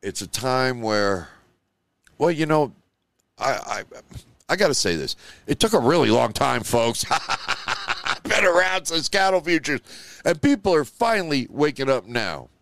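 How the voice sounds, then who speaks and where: A man's voice: medium pitch, very animated, unhurried, vocal fry, a bit bright, no room sound, clean studio sound. A man hosting a live show, talking in a loose, emotional, rambling monologue full of "you know" and "like.". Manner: emotional, rambling, heavy on 'you know' and 'like'. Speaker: show host.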